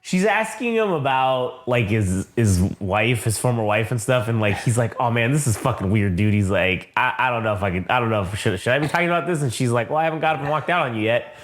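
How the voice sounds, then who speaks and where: A man co-hosting a casual show review, recapping the plot in a loose, profane way and acting out quick quotes. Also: mid-range voice, expressive. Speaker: podcast co-host.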